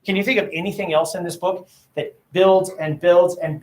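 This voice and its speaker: A man's voice: high voice, fairly even intonation, moderate pace, slight background noise. A man teaching an English class, sounding out letters aloud and quizzing his students as he goes. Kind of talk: classroom lecture. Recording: roomy classroom echo.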